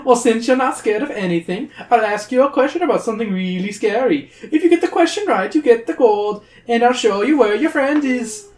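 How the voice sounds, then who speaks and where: A podcast reader voicing a sly, greedy tiny male troll in a high, giggly, wheedling voice. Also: animated, a little fast, few pauses, a little mellow, close to an everyday voice. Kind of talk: character voice while reading a gamebook aloud. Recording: roomy echo.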